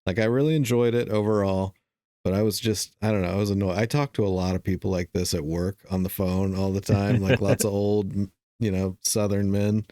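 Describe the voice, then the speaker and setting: Deep, smooth male co-host, dry sound, loose and talkative. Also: steady tone, a little fast, warm tone, no room sound. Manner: rambling, filler-heavy musing. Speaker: podcast co-host. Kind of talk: casual chat.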